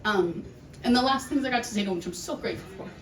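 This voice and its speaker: A woman giving a heartfelt memorial speech for her uncle, emotional and halting, with restarts and laughs. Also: medium pitch. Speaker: family member giving a eulogy. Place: large hall with an audience. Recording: echoey room, distant mic, noisy.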